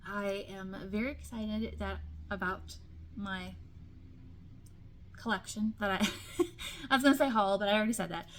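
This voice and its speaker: A woman chats about her books in a loose, rambling way, full of ums and restarts. Her voice sits at a middling pitch. Faint room noise hums behind her. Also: normal speed, long pauses, a bit bright. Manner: chatty, many ums and restarts, light laughs. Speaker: book vlogger. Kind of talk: casual chat.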